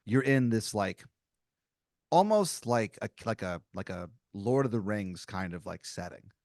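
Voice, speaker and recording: A man's voice: on the low side, animated, measured pace, darkish tone, no echo, clean studio sound. A man hosting a comedy podcast, narrating an improvised story with lots of filler words. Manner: rambling, heavy on filler words. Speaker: improv game master.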